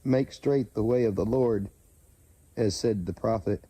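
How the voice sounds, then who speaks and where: A man slowly reading Bible verses aloud and pausing to comment, stumbling over names and correcting himself. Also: fairly low pitch, mellow, slightly rough, dry recording. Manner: slow, halting reading with self-corrections. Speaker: channel host reading scripture.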